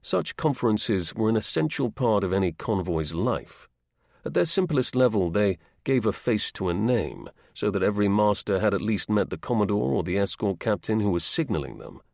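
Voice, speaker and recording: A man reading a history audiobook in a measured, steady narrating voice. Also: on the low side, creaky, no room sound, clean studio sound. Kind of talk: scripted narration.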